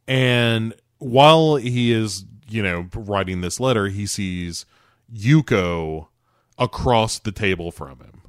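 A man co-hosting a podcast, recapping a TV episode in casual chat with animated storytelling. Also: lowish voice, takes it slowly, dry recording, studio quality. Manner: animated storytelling, acts out characters' lines. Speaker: podcast co-host.

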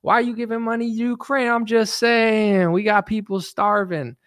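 A man imitating a fed-up woman who complains loudly in slang, in a high, exaggerated voice. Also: level tone, moderate pace, smooth, no room sound, clean studio sound. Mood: exasperated. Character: fed-up woman ranting at the president.

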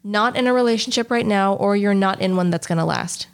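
A woman quoting a calm, earnest female psychic while retelling an anecdote in her own voice. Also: medium pitch, fairly quick, smooth, natural voice. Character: matter-of-fact female fortune-teller delivering bad news. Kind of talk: quoted in an anecdote.

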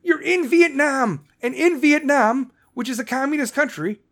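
A man hosting a podcast, ranting angrily and swearing constantly, with shouted bursts, then reading sponsor ads in the same blunt, profane way. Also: extremely high pitch, moderate pace, gravelly. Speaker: podcast host. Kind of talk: profane political rant and ad read.

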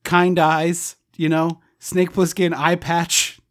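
A man hosting a podcast, rambling with enthusiasm about a movie in casual chat and often trailing off quietly. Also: fairly high pitch, level tone, takes it slowly. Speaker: podcast host.

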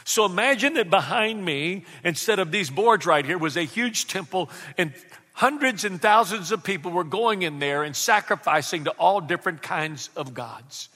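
High, bright-voiced preaching man. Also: moderate pace, long reverb tail. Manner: lively preaching, audience call-and-response. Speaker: pastor. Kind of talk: sermon.

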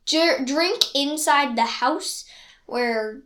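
A woman's voice: high-pitched, very slow, fairly bright tone. A woman co-hosting a casual podcast, giggling often as she reads out garbled phrases for a guessing game. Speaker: podcast co-host.

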